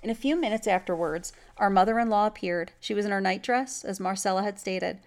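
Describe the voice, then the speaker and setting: Woman narrating a story with gravelly voice. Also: mid-range voice, slight background noise. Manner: measured, even storytelling. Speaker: story reader.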